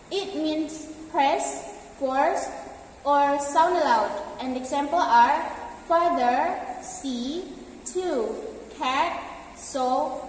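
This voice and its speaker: A young woman giving a class presentation, reading out example words slowly one by one. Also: high-pitched, slight background noise. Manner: reads examples slowly, word by word. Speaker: student presenter. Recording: echoey room from far off.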